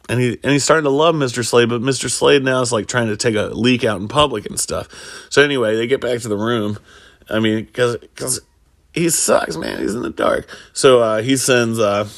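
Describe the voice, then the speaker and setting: A man's voice: on the low side, vocal fry, a bit bright, no room sound, clean studio sound. A man casually retelling a film plot, rambling with lots of fillers and restarts. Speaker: storyteller recapping a film. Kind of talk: casual spoken film recap.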